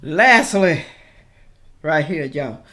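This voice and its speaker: A woman giving a casual reaction commentary, talking straight to her viewers in an animated, ranting way and laughing between remarks. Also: deep voice, extremely slow. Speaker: political reaction vlogger.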